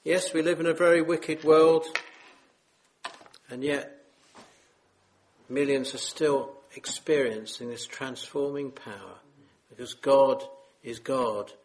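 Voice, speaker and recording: Slow, solemn male preacher. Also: mid-range voice, fairly even intonation. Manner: earnest, solemn, pleading with listeners. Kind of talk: sermon.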